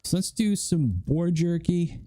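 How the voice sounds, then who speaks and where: A man's voice: fairly high pitch, expressive, measured pace, dark tone. A man streaming a video game, chatting and joking in rambling asides as he plays. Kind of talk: casual gameplay commentary.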